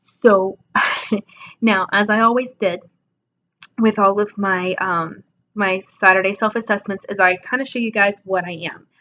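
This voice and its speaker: A woman's voice: mid-range voice, steady tone, unhurried, sharp tone, highs cut off, a little hiss or hum. Sleepy, chatty young woman vlogger. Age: 20s. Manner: chatty, self-deprecating, laughs often. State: sleepy, yawning. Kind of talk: casual self-assessment vlog.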